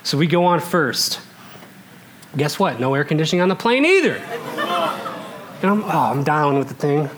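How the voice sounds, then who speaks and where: A man in his thirties from Alaska tells a funny story to a live crowd in a high voice. His pitch leaps and drops all over, and he laughs as he goes, shifting from loud bursts to hushed asides. A faint wash of room noise sits behind him. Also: sing-song, moderate pace. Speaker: storyteller before a live audience. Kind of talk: comic storytelling.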